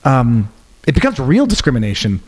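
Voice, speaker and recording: A man from Canada, a guest on a podcast, talking politics in a rapid, animated way with frequent restarts and trailing phrases. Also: medium pitch. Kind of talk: casual political chat.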